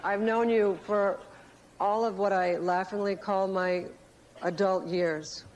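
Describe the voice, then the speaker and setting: A woman's voice: medium pitch, fairly even intonation, a little mellow, poor audio. Woman speaking from a podium, nervous and fond, with slight broadcast hiss. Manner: halting, affectionate, nervous storytelling. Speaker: actress giving a tribute. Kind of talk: personal anecdote from a stage.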